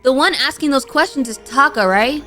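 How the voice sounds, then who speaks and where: A woman voicing a gentle, polite AI program in a video game, reading its lines aloud over soft game music. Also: high voice, a little fast, voice pushed up. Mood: earnest. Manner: polite, analytical.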